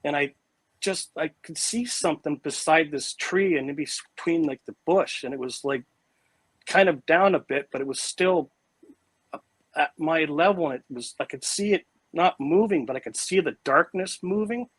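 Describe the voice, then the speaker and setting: A man being interviewed, telling a personal story in a casual, animated way, full of "like" and "you know". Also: fairly high pitch, normal speed, slightly rough, dry recording, low-quality recording. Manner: animated and vivid, with frequent "like" and "you know" fillers and restarts. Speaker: interview guest recounting an encounter.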